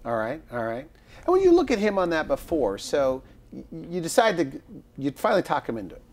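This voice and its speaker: Fast, lively-voiced male host. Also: fairly high pitch. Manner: quick, prompting questions. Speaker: talk show host. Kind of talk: interview conversation.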